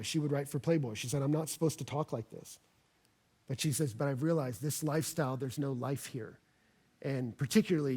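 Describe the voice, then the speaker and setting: Man, pastor, sermon, slightly high voice, husky, earnest and emphatic. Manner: earnest, builds to loud emphatic peaks when reading scripture. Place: church.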